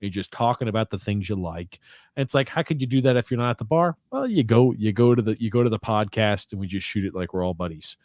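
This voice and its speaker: A man's voice: lowish voice, animated, fast talker, a little mellow, dry recording, studio quality. A man hosting a casual sports podcast, easygoing and rambling, reading out live chat comments. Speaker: podcast host.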